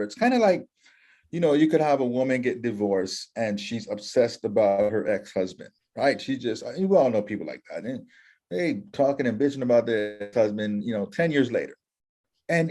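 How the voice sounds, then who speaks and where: Lively, emphatic man giving motivational talk. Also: on the high side. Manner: acts out quoted voices, lively and emphatic. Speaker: interview guest, empowerment coach.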